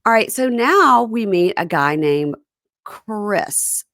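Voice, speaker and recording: A woman's voice: mid-range voice, animated, takes it slowly, a bit bright, dry recording, clean studio sound. A woman hosting a casual podcast chat, recapping reality TV and mimicking the people she quotes. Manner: chatty recapper, mimics cast members in quotes.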